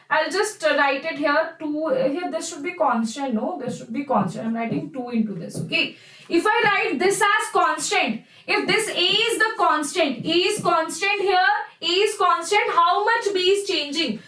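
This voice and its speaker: A woman's voice: very high voice, normal speed, pushed and bright, roomy sound, poor audio. A young woman with an Indian English accent, teaching a live online chemistry class in a chatty, encouraging way. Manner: chatty and encouraging, addresses students as "bacha".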